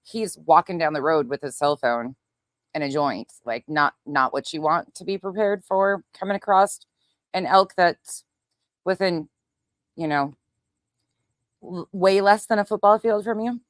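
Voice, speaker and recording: A young woman from Montana, a livestream host chatting casually with viewers and telling a story in a profane, animated way. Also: lowish voice, measured pace, no room sound, clean studio sound. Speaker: livestream host reading chat.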